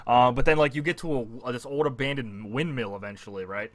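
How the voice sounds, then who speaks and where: A young man co-hosting a casual gaming podcast, excitable and swearing a lot, acting out his own reactions with sudden high yelps. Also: a little fast. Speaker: podcast co-host.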